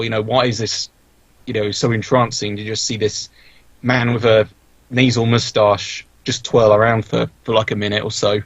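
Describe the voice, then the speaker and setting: A young man talks on a podcast in a husky, slightly breathy voice, wandering through his memories with restarts and fillers. His recording sounds dull and lo-fi, very dry with no room around it. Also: medium pitch, dry recording. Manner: rambling, many restarts and fillers. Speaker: podcast guest, video creator. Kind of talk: casual podcast interview.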